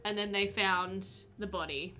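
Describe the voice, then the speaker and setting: A woman's voice: mid-range voice, steady tone, a little slow, sharp tone, soft background music. A woman streaming a murder mystery game, thinking aloud in a chatty, giggly way. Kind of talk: casual game commentary.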